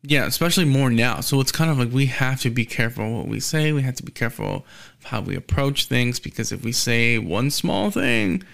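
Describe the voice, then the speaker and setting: Male podcast host, gravelly voice, casual storyteller who acts out the people he quotes. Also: mid-range voice, lively intonation, a little fast, a bit bright.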